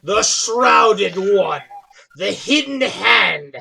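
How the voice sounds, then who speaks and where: A man's voice: sits high, animated, gravelly, pushed and bright, slightly rough. A man narrating as game master of a tabletop game, restarting his sentences often. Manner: halting narration with many restarts, laughs often. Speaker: dungeon master.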